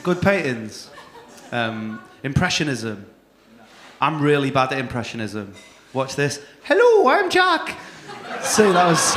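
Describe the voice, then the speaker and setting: A man's voice: high-pitched, noisy background. A male comedy compere, doing brash, teasing crowd work full of swearing at a stand-up gig. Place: comedy club stage. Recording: echoey club room.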